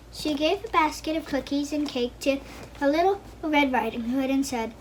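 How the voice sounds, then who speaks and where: High-voiced woman reading a children's story. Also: moderate pace, slight background noise, poor audio. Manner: reads aloud with small slips.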